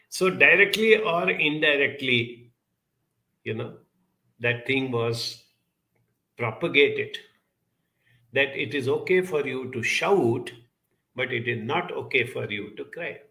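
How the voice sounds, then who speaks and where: A man giving an earnest, reflective talk, telling a childhood story in a measured way with lively emphasis. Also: mid-range voice.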